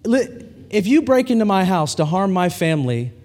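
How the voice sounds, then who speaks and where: Male pastor, high and animated delivery, storytelling sermon in a big echoing hall. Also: normal speed. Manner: animated storytelling preacher, acts out quoted dialogue. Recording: long hall reverb.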